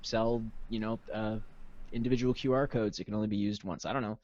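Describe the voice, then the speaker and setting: A man's voice: lowish voice, fairly even intonation, a little fast, a little mellow, lo-fi sound. A man chatting casually as a podcast guest, enthusiastic and rambling, with many restarts. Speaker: musician guest.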